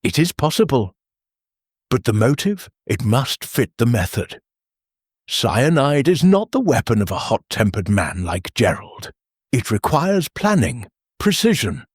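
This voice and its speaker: Hercule Poirot, soft probing detective, read by a male narrator. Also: mid-range voice, very animated, husky, no echo, studio quality. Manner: soft, deliberate questioning.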